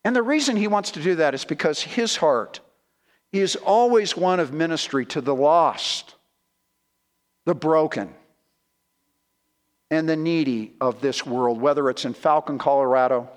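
A man's voice: on the high side, unhurried, pauses often, long reverb tail. A man preaching a sermon as a guest pastor in a church, emphatic and repeating key words as he addresses the congregation as friends.

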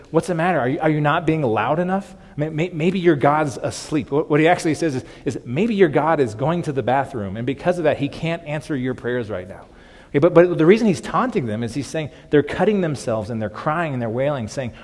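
A man's voice: mid-range voice, darkish tone. A man preaching a sermon in an earnest way, often restarting his sentences and saying "okay.". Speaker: pastor. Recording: long reverb from a hall.

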